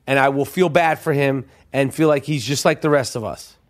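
A man's voice: mid-range voice, normal speed. A middle-aged man from New York who hosts a podcast, ranting about sports in a profane, worked-up comic way. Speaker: podcast host. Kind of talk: comedic sports rant.

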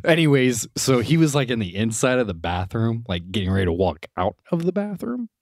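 A man's voice: medium pitch, big pitch swings, brisk, a little hiss or hum. A young man co-hosting a podcast, telling a story in a rambling way, laughing often and swearing casually. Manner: rambling, laughs a lot while telling stories, crude language. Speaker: podcast co-host.

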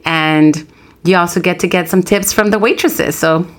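Animated woman telling a story. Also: on the low side, normal speed. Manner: animated storyteller, acts out quoted voices. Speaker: podcast co-host. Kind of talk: casual chat.

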